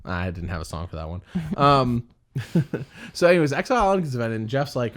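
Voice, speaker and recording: A man's voice: medium pitch, big pitch swings, fairly quick, long pauses. A man co-hosting a podcast in casual chat, rambling, laughing often and mimicking people he quotes. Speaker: podcast co-host.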